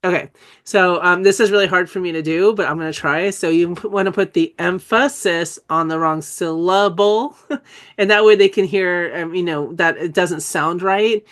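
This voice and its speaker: A woman's voice: fairly low pitch, steady tone, normal speed. A middle-aged woman, a dyslexia educator, giving a live teaching webinar in a chatty way, correcting herself often and laughing at her own slips.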